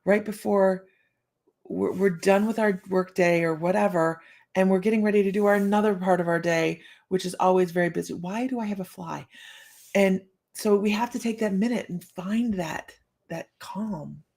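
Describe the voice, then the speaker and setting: A woman's voice: mid-range voice, steady tone, moderate pace, vocal fry, darkish tone. A woman in her fifties, a psychic reader hosting a live stream, chatting casually with her viewers, laughing often and playfully talking straight to them. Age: 50s.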